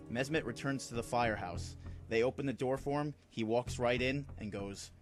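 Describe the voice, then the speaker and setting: A man's voice: medium pitch, a little fast. Chatty man narrating a film idea. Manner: loose, chatty storytelling with fillers. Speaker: fan film creator. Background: background music.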